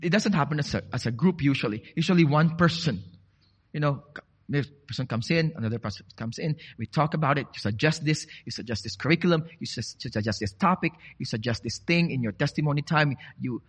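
A man preaching a sermon, from the Philippines, lively and animated as he quizzes the congregation. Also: a little high, fairly quick, breathy edge.

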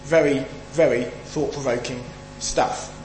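A man's voice: medium pitch, fairly even intonation, measured pace. A man from the UK preaching a Sunday sermon, emphatic and questioning the audience as he reads and explains scripture. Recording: echoey hall, faint hum.

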